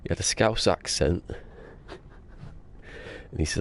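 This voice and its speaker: Deep, gravelly-voiced man chatting while streaming. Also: measured pace. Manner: rambling, jokey self-talk. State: sniffly with a cold. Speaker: game streamer. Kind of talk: casual live-stream chatter. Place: small room at home.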